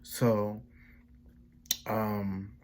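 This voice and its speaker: A man's voice: on the low side, completely flat delivery, very slow, a little mellow, a little hiss or hum. A young man casually telling a personal story for his vlog, rambling with slang and restarts and quoting his family in their own voices. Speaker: vlogger.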